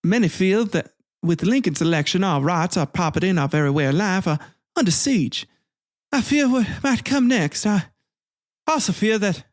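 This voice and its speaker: A man's voice: sits high, no room sound, clean studio sound, pitched above the performer's own voice. A man reading the diary of a fretful Southern wife in a raised, anxious voice.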